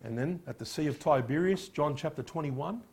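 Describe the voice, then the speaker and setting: A man preaching a sermon as a pastor, firing rhetorical questions and dropping quiet on solemn points. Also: on the high side, animated, normal speed, creaky, slightly rough.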